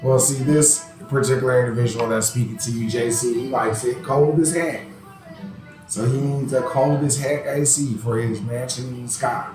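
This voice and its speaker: A man's voice: medium pitch, steady tone, normal speed, music in the background. A man co-hosting a podcast, joking in casual chat and playing out imagined lines. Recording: echoey room, off-mic, with background noise.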